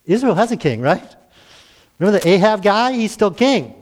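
A man's voice: sits high, very animated, moderate pace. A man in his sixties preaching a conversational sermon, acting out the dialogue and chuckling now and then.

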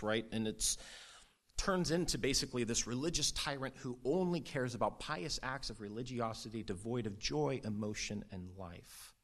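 Man preaching, earnest and conversational, medium pitch, rising for emphasis. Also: fairly bright tone. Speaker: pastor. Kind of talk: sermon.

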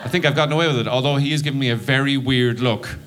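A man's voice: medium pitch, racing, fairly bright tone. An Irish man doing stand-up, telling a story and acting out his own panicked inner voice. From Ireland. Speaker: stand-up comedian.

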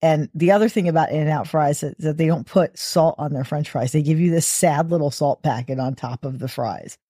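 A woman's voice: low voice, normal speed, warm tone, husky, no room sound, clean studio sound. A woman co-hosting a podcast in casual chat, blunt and opinionated. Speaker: podcast co-host.

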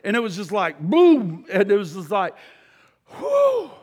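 A man's voice: high voice, sing-song, normal speed. A man preaching a sermon, fervent, pressing the congregation with questions. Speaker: pastor. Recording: long hall reverb.

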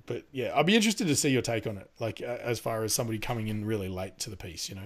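A man's voice: fairly low pitch, expressive, racing. A man in casual podcast chat, rambling with lots of fillers, laughing and swearing as he talks. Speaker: podcast co-host.

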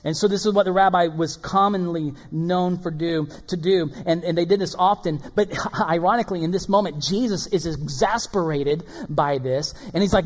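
Male pastor preaching, higher-pitched, animated delivery, recorded in a reverberant sanctuary. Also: brisk, hardly any pauses. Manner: animated, swings between loud and hushed. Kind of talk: sermon. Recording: long hall reverb.

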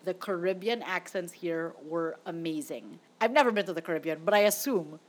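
A woman's voice: on the low side, a little fast. A young woman hosting a casual movie-review podcast, chatty and opinionated. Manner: chatty, opinionated, laughs often. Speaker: podcast host.

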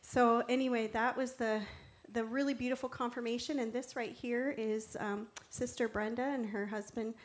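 A woman and church co-founder sharing a personal testimony, telling her story earnestly with slides, reverent and animated in turn. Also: a little high, normal speed, few pauses.

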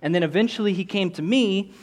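A man's voice: high voice, fast. A young man telling a personal story with candid, rambling earnestness, full of restarts and fillers. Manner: earnest, rising excitement in quoted moments.

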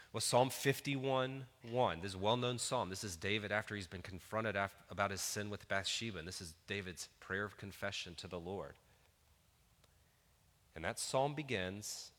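A man's voice: fairly low pitch, moderate pace, a bit bright, long reverb tail. A man in his thirties preaching a sermon in an earnest, conversational way, building to emphatic peaks. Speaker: pastor.

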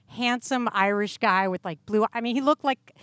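A woman's voice: a little high, normal speed, fairly bright tone, clean tone, dry recording. A woman in her fifties hosting a podcast, telling a story in a frank, casual way and swearing freely. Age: 50s. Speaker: podcast host. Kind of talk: casual chat.

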